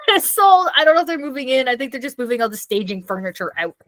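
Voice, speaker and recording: A young woman chatting on a podcast, quick to laugh and tell a story. Her voice sits high and swoops up and down a lot. The sound is dry and close. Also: sing-song, a bit bright, dry recording. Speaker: podcast co-host. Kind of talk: casual chat.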